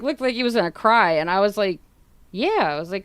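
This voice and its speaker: A woman's voice: mid-range voice, expressive, fairly quick, smooth, no room sound. A woman streamer casually telling a rambling story to her viewers, full of fillers and casual swearing, acting out what others said. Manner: retells others' words in quoted dialogue.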